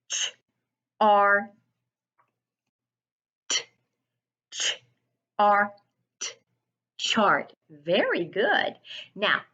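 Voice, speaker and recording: A woman's voice: medium pitch, fairly bright tone, lo-fi sound. A woman reading teacher leading a phonics lesson for children, sounding out each letter and praising along the way.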